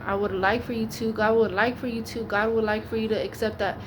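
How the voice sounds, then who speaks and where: Casting: woman preacher, earnest and pleading, steady narrow pitch, noisy recording. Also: fairly quick. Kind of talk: informal preaching monologue.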